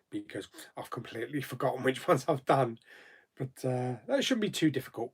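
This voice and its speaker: A man's voice: medium pitch, husky. A man hosting a casual live chat, reading viewer comments aloud and answering them with frequent laughs. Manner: chatty, laughs often, reads comments aloud then answers. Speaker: YouTube host.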